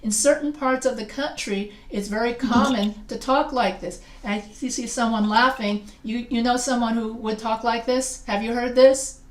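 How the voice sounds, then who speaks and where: Upbeat female teacher, higher voice, jokey and chatty, recorded in an echoey classroom. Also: steady tone, normal speed, hardly any pauses. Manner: playful, chatty teacher asking the class questions. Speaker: writing instructor. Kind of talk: classroom grammar lecture.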